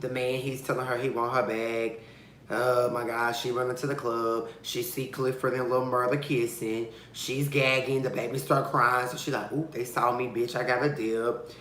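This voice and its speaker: A man's voice: normal speed, slight background noise. Sassy, dramatic man in an echoey room. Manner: dramatic, sassy and expressive, with big swings of pitch and loudness; gossipy and blunt, with slang and profanity. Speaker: TV show reviewer. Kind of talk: casual vlog episode review.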